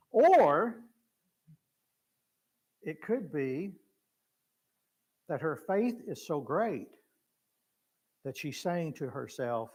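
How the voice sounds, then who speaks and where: Slow and pausing often, a mid-range male voice teaches a conversational Bible class in a church. The preacher chuckles and performs the voices of biblical figures with lively shifts.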